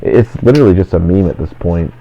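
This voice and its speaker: A low, creaky male voice speaks fast and expressively as a let's play host, chatting casually over a video game. He rambles and packs his talk with constant "like" fillers. The lo-fi recording sounds dull, with faint game music behind him.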